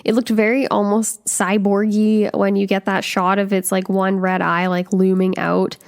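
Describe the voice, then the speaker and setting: A woman co-hosting a casual film podcast, chatting loosely with lots of "like" and frequent laughter. Her voice has a gravelly, fried edge. The recording is dry and close, with no room echo. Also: medium pitch, little pitch movement, moderate pace. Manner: chatty, full of "like", laughs often. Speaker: podcast co-host.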